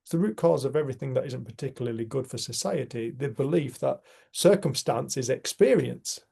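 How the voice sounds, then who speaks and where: A man's voice: mid-range voice, lively intonation, a little fast, vocal fry, warm tone, husky. A man leading a casual community group discussion, talking in an earnest, emphatic way. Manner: earnest, emphatic, swears mildly.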